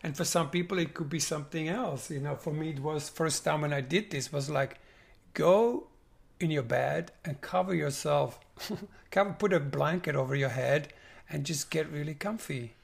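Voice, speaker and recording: A man working as a spiritual coach, guiding a participant and teaching with animated talk that acts out couples' dialogue. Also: fairly high pitch, moderate pace, gravelly.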